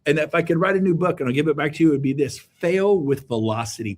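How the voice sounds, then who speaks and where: A middle-aged man, a guest on an interview show, giving an energetic, emphatic motivational talk that is full of repeated exhortations. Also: on the high side, fast, hardly any pauses, heavy background noise.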